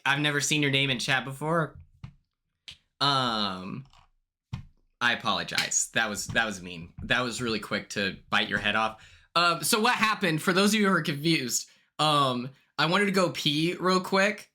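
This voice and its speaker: A young man hosting a livestream, chatting casually in a blunt, sassy way, swearing freely and quick to apologize. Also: mid-range voice, expressive, sharp tone, a little hiss or hum. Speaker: livestream host.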